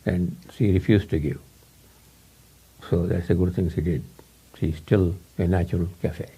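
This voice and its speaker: A man with a low, gravelly voice gives an informal spiritual talk to students. He speaks in English, his second language. He rambles, repeats words and chuckles between thoughts. The tone is mellow and a little husky. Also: fairly even intonation, measured pace. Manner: rambling, repetitive, chuckles often. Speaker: spiritual teacher.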